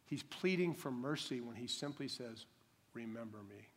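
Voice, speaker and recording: A man preaching a sermon with emphatic delivery, swinging from loud to hushed, acting out quick imagined voices. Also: medium pitch. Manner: acts out imagined voices in quick dramatic bursts. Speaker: pastor.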